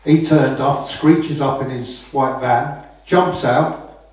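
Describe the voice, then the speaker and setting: A man's voice: medium pitch, fairly even intonation, slow pace, darkish tone. A man giving a casual, anecdotal talk as a common law speaker, often asking "right?" after his points. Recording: very echoey room, voice from far off the mic.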